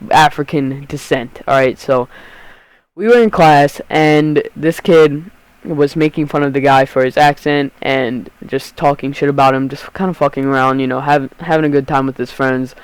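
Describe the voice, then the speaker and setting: A teenage YouTube storyteller tells his vlog audience a rambling, profane storytime, often cutting himself off mid-sentence. His voice is medium-pitched, steady, and smooth at normal speed, with no echo but low recording quality.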